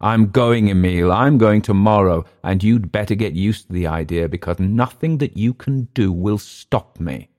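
A man's voice: sits low, moderate pace, hardly any pauses, warm tone. A man reading aloud, voicing a drunk young Englishman who mocks his companion with jeering taunts. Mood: contemptuous.

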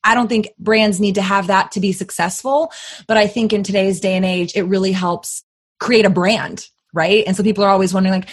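A woman's voice: medium pitch, steady tone, a little fast, husky. Woman podcast host, young, chatty and emphatic, talks with a mid-range voice. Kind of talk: casual podcast chat.

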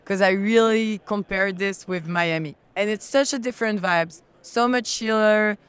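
A woman's voice: mid-range voice, clear, resonant tone. Woman with a strong French accent. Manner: halting, chatty, many fillers and restarts. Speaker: guest, brand representative. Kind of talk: casual conference interview. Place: conference expo hall. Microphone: handheld mic.

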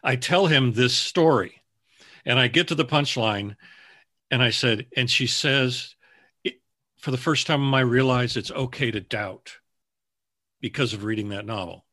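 This book editor talks a little slowly with long pauses, his medium-pitched voice sharp in tone. He answers interview questions earnestly, storytelling and impersonating those he quotes. The recording is dry and studio quality.

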